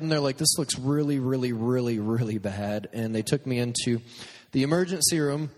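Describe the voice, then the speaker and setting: A man delivers a podcast sermon as a string of funny stories at his own expense, acting out every quote along the way. His voice sits in an ordinary middle range. It carries a long reverb, as if it were ringing through a large hall. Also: medium pitch. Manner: humorous, self-deprecating, acts out quotes. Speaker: youth speaker and podcast host. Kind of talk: storytelling sermon.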